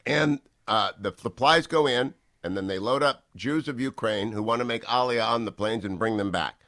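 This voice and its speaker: A man's voice: mid-range voice, a bit bright, no room sound. Jovial man hosting a talk radio show. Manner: brisk, jovial banter.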